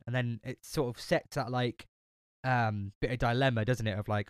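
Man, smooth voice, dry close mic, rambling, swears a lot. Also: medium pitch, steady tone, moderate pace, dry recording. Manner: chatty, swears a lot, many fillers and restarts. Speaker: podcast co-host. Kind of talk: casual film chat.

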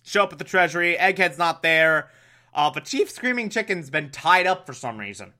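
Man, slightly high voice, unhurried sardonic recap delivery, bright tone. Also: expressive. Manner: exasperated, mocking, breaks into laughter and shouts. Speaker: show recapper. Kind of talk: sarcastic episode recap.

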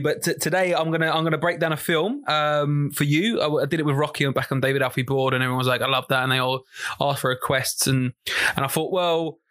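A man's voice: fairly high pitch, a bit bright. Sweary London man bantering as host. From London, England. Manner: sweary, teasing, rambling with many fillers. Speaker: podcast host. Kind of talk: casual banter.

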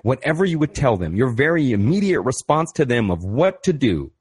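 A man's voice: medium pitch, big pitch swings, brisk, a little mellow, breathy edge. A man hosting a podcast, talking through self-help advice in a blunt, casual way, swearing freely and asking rhetorical questions. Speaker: podcast host and author.

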